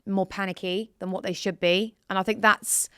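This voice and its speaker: A woman's voice: medium pitch, steady tone, normal speed, bright, forceful tone, smooth, no room sound, clean studio sound. A young woman hosting a casual football chat, chatty and opinionated. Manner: chatty, opinionated, often laughing and hedging. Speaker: show host.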